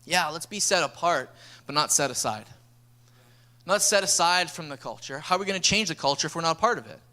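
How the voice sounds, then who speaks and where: A high-pitched, energetic male pastor preaches to his church. He tells stories with lively momentum and slips into voices for the people in them. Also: brisk. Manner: energetic, storytelling, acts out dialogue. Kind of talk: sermon. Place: church sanctuary.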